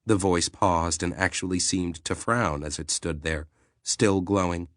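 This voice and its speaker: Deep, bright-toned male audiobook narrator. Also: fairly even intonation, unhurried, no echo, clean studio sound. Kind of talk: scripted narration.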